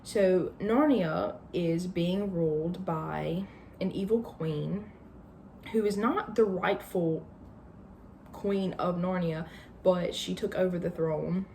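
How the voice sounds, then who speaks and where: A woman's voice: fairly low pitch, slow, vocal fry, a little mellow, slight background noise. A woman casually retelling a book's plot in a chatty way, hedging often with fillers. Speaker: book channel host.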